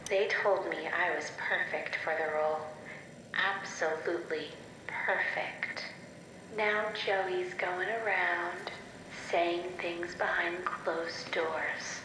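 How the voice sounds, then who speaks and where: A woman voicing a bitter, scheming actress who speaks slowly and vengefully in a horror game audio log. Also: lowish voice, fairly even intonation. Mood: brooding, vengeful. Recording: very echoey tape with faint hiss.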